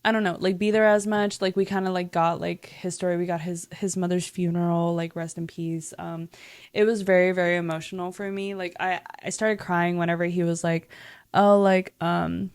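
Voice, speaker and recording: A woman's voice: on the low side, little pitch movement, brisk, a little mellow, no room sound, clean studio sound. A young woman hosting a casual chat, rambling and swearing freely with constant filler words. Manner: rambling, profane, heavy use of "like". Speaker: podcast host.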